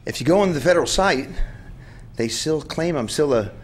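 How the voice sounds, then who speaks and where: A man's voice: fairly high pitch, animated, moderate pace, slight background noise. Rambling man in his sixties. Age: 60s. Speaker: public commenter. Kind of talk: public comment at a county board meeting.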